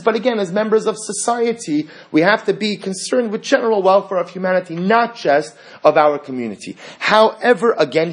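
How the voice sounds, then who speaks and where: A man teaching a Torah class, quoting Hebrew sources and translating them in a lively lecturing way. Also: on the high side. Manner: animated, quotes Hebrew texts and translates them.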